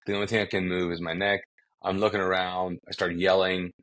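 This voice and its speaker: Very low-voiced man telling a story. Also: level tone, brisk, fairly bright tone. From Kuwait. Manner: vivid storytelling with acted-out quotes and frequent restarts. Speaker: pastor and podcast guest. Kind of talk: conversational testimony storytelling.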